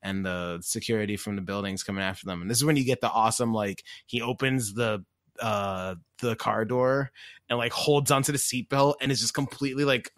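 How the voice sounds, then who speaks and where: A man's voice: on the low side, steady tone, brisk, fairly bright tone, dry recording, clean studio sound. A man co-hosting a podcast, chatting casually and retelling scenes with lots of laughs. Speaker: podcast co-host. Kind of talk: casual chat.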